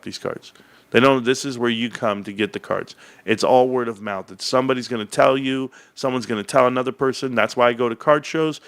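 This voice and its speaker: Man, livestream host, casual chat, rambling, jokey, slightly gravelly, mid-pitched. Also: fairly bright tone.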